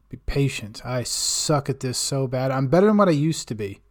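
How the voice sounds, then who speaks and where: A man's voice: medium pitch, darkish tone. A man hosting a podcast segment, talking casually in a rambling, self-mocking way and swearing constantly. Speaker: podcast host. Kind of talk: casual profane monologue.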